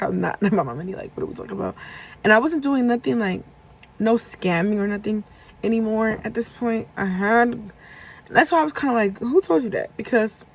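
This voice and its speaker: A young woman tells a casual storytime to her camera, animatedly acting out both sides of a conversation. Her voice is gravelly with vocal fry and a husky edge. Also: mid-range voice, poor audio. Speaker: vlogger.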